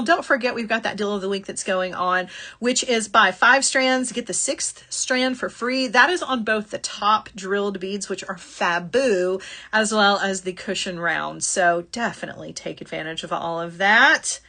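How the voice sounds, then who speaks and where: A woman's voice: mid-range voice, pushed and bright. A middle-aged woman hosting a live jewelry-making shopping stream, chatty and apologetic, laughing often. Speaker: jewelry-making show host.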